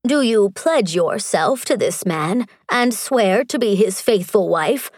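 A woman voicing a frightened male magistrate in an audiobook, halting and nervous. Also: medium pitch, animated, no echo, clean studio sound. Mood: hesitant. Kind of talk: audiobook character voice.

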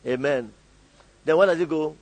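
The audio is poor as a male pastor delivers a call-and-response sermon in a fairly high, slightly mellow voice at a normal pace. He prompts the congregation to supply and repeat lines, laughing often.

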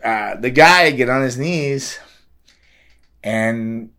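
A man's voice: mid-range voice, drawn-out words, sharp tone. Rambling man telling a story. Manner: rambling, repeats words, laughs often. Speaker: guest telling a film extra story. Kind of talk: casual storytelling.

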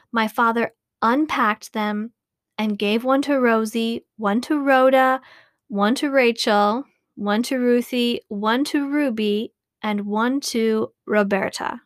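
Slow, careful woman reading a storybook. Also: fairly high pitch, steady tone, no echo, studio quality. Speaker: audiobook reader.

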